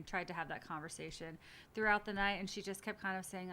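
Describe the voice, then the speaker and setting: A woman with a bright, forceful voice hosts a stream watch party. She gives casual, blunt reaction commentary with easy swearing in a chatty tone. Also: mid-range voice, moderate pace, slight background noise.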